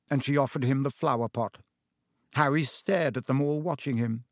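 A man narrating a fantasy audiobook in a measured, steady storytelling manner. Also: mid-range voice, no echo, clean studio sound.

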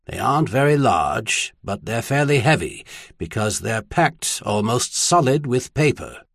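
A man reading the part of a mild, measured older male archbishop in an audiobook. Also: mid-range voice, very animated, vocal fry, no room sound, clean studio sound, heavily acted. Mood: grave. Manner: mild, measured, then grave.

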